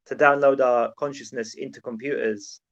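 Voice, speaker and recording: A man's voice: medium pitch, steady tone, moderate pace. A man in a middle register thinks aloud on a podcast, earnest and musing, often restarting his sentences. His voice comes through a dull, lo-fi mic. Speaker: podcast co-host. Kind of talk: casual philosophical chat.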